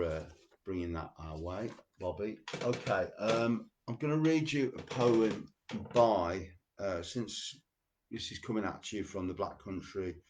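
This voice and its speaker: A man hosting a show, reading poems slowly and deliberately and chatting loosely between them. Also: low voice. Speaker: radio show host. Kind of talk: poetry reading with casual asides.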